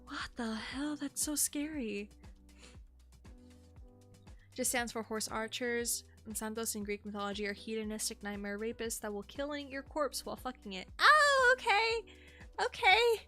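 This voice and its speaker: A young woman streaming, who reads entries aloud calmly and breaks into shocked, swearing exclamations. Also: on the high side, normal speed, soft background music. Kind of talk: live-stream reaction and reading aloud.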